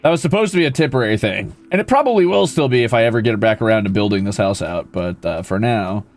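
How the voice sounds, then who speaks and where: A man streaming a building game, playful and swearing casually, who jumps into high squeals when greeting creatures and chats with viewers. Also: lively intonation, quick pace. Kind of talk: live gameplay commentary.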